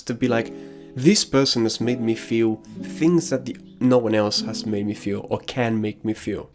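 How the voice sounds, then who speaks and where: Man, casual anime commentary, slangy storyteller, faint guitar music behind. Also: mid-range voice. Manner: casual and slangy, drops crude asides; storytelling, personal anecdotes.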